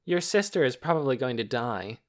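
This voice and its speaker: A man's voice: medium pitch, sing-song, a little fast, pitched above the performer's own voice, natural voice. A man doing a smug know-it-all boy, Torin. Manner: precise, teacherly, self-important. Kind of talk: audiobook character reading.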